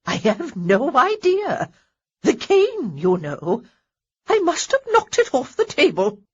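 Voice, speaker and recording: A woman's voice: high voice, huge pitch swings, takes it slowly, lo-fi sound, voice pushed up, heavily acted. A woman voicing a grand, imperious elderly lady who barks her pronouncements. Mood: grandiose.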